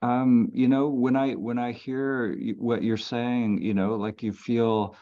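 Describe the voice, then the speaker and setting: A man, a meditation teacher, giving halting spiritual guidance over a video call, full of fillers. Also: medium pitch, flat delivery, highs cut off. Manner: slow, halting, many fillers.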